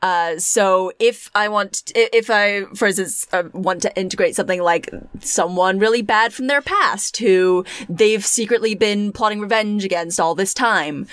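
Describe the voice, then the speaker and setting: A woman hosting a casual podcast, chatty and giggly, talking in quick bursts. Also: mid-range voice, fairly bright tone, clear, resonant tone, dry recording, studio quality. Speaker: podcast host.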